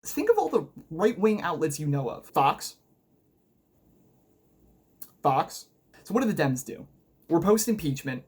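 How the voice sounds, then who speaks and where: Husky-voiced man, sarcastic and combative. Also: a little high, very animated. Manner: mocking, combative, rapid-fire rhetorical questions. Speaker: political commentary video host. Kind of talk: sarcastic political video essay narration.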